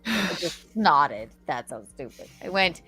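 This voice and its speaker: Bright, animated woman telling a story. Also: deep voice, measured pace, faint music behind. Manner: animated storytelling, swearing, acting out quoted calls. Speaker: podcast host. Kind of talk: casual chat.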